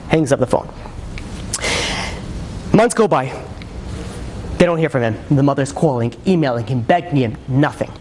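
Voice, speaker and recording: Male rabbi, sermon storytelling, conversational, animated, mid-pitched voice, faint background hum. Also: moderate pace, long pauses. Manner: animated, conversational, frequent fillers and acted quotes.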